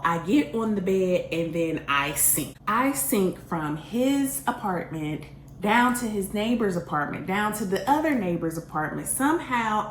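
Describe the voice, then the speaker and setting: Animated woman telling a storytime vlog. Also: medium pitch. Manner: animated and self-mocking, laughing often, dramatic pauses. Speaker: vlogger telling a personal story. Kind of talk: casual storytime monologue. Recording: roomy echo, faint background hiss.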